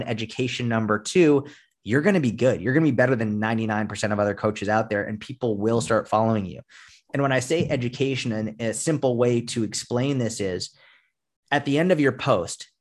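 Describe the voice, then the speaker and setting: A man speaking as a fitness coach guest in a casual podcast interview, blunt and emphatic, with frequent swearing. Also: mid-range voice.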